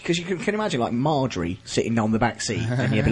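A man's voice: fairly low pitch, expressive, very fast, hardly any pauses, background noise. A man hosting a podcast in a studio, chatting casually in a rambling, jokey way with frequent laughs. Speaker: podcast host. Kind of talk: casual chat. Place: radio studio.

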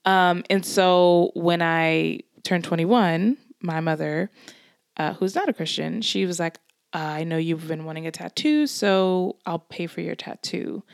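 A woman with a lowish voice tells a long story in casual podcast chat. She rambles a little and laughs often. The sound is close and dry. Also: measured pace, creaky, no room sound. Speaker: podcast co-host.

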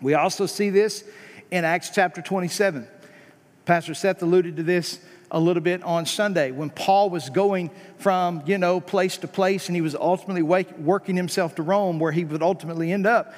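High-pitched preacher in a reverberant hall. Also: male voice, normal speed. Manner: emphatic, rising to high stressed peaks then dropping low; conversational asides and rhetorical questions. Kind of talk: sermon.

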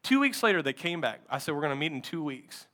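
A man's voice: fairly high pitch, big pitch swings, quick pace, bright, forceful tone. A man preaching a sermon as a pastor, animatedly acting out a story from a counseling session.

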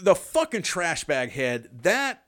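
A man's voice: high-pitched, sing-song, slow, fairly bright tone, clear, resonant tone. A man co-hosting a podcast, talking casually with lots of swearing and false starts. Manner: profane, rambling, frequent restarts. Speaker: podcast co-host. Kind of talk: casual chat.

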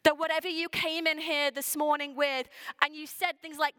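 A woman's voice: high-pitched, a little fast, hardly any pauses, bright, forceful tone, no room sound. A woman preaching a Christmas sermon to a congregation, earnest and emphatic, slipping into the voices of the people she imagines. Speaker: pastor.

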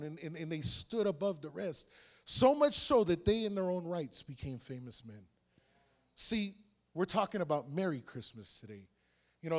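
A man preaching a sermon, telling a personal story with lots of animation and frequent laughs. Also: sits high.

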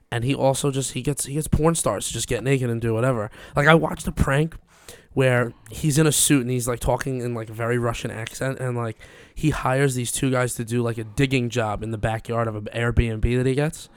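A man's voice: mid-range voice, steady tone, fairly quick, hardly any pauses, clear, resonant tone, no room sound. A young man chatting casually as a podcast host, rambling and swearing with lots of fillers. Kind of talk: casual chat.

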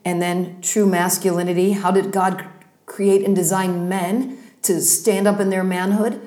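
A woman's voice: medium pitch, level tone, measured pace. Woman explaining steps in a roomy room. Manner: warm explanatory teaching, listing steps. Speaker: ministry leader guest. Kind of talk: podcast conversation. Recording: roomy echo.

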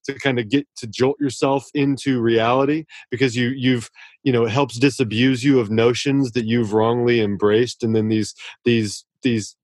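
A man's voice: mid-range voice, little pitch movement, normal speed, a little mellow, no room sound. Male author guest, earnest and effusive, restarts a lot, dry recording. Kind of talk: casual interview talk.

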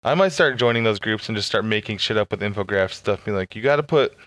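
A man's voice: on the low side, fast, a bit bright, dry recording. A man co-hosting a podcast, making sardonic, profane remarks in casual chat. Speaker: podcast co-host.

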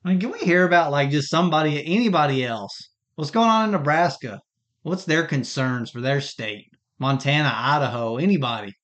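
A man's voice: fairly high pitch, expressive, fairly quick, fairly bright tone. A man hosting a podcast, ranting heatedly in a rambling, profane monologue. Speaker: podcast host. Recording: dull lo-fi recording.

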